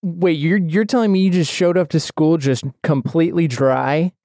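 A man's voice: a little high, steady tone, moderate pace, mellow, dry recording, clean studio sound. A man hosting a podcast in casual chat, rambling and joking, with lots of fillers. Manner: rambling, full of fillers and jokes. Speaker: podcast host.

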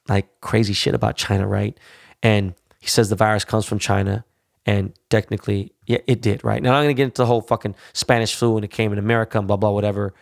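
A man speaks in a low, gravelly voice, heavy with vocal fry. The sound is dry and close, with no room around it. He rants bluntly to his listeners, swears freely and keeps checking in with "you know?" and "all right?". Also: darkish tone, no echo. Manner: frequent tag questions like "all right?". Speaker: podcast host. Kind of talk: profane monologue.

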